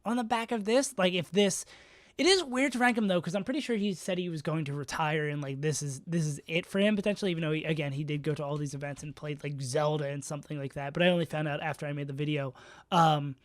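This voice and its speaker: A man's voice: fairly high pitch, quick pace, dry recording, clean studio sound. A man streaming live, casually talking through player rankings in a rambling, self-mocking way. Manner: rambling, self-mocking, many fillers and restarts.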